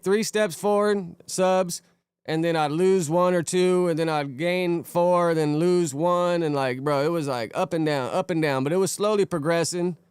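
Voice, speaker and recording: Laid-back young male streamer, smooth voice. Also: a little high, no echo. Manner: laid-back, rambling, greets chatters by name. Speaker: streamer reacting to videos and chat. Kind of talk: casual live-stream chat.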